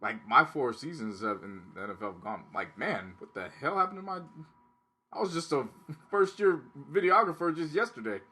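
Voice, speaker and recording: A man co-hosting a podcast, chatting casually with relaxed, upbeat banter. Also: on the high side, moderate pace, slightly rough. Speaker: podcast co-host.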